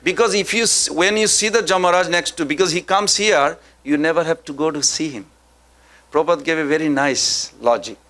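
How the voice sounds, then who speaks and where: Male preacher, slightly high-pitched, lively storytelling lecture full of questions. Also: fairly quick. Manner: animated storyteller, asks the audience questions.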